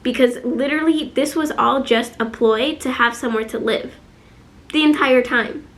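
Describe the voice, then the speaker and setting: A woman's voice: sits high, normal speed. A young woman from Chicago with a Chicago accent, telling a personal storytime vlog. She talks emotionally, fills her speech with "like" and acts out the other people's quotes. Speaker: vlogger.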